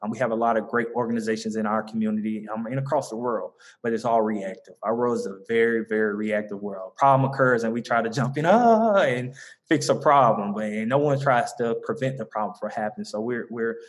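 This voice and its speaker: A man's voice: on the low side, steady tone, fairly quick. A man with a Southern American accent who runs a mentoring group, answering interview questions in an earnest, loose way with many ums and restarts. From Southern United States. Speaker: founder of a mentoring organization.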